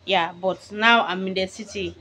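Bright-voiced young woman vlogging from Cameroon. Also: mid-range voice, steady tone, normal speed, a little hiss or hum. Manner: chatty, addresses viewers as sisters. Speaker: vlogger and new mother. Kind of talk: casual chat to camera. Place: outdoors on a street.

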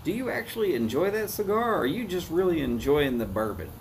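A man's voice: on the high side, big pitch swings, brisk, a little hiss or hum. A man with a Southern US accent hosting a live cigar review, chatting to viewers in a folksy way. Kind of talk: casual live-stream talk.

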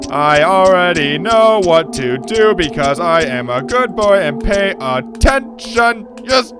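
A man's voice: sits high, animated, a little slow, few pauses, over music. A man hosting a horror game let's play, yelping and screaming at scares while chatting to viewers at a desk microphone. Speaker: let's play gaming host. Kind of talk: horror gameplay commentary.

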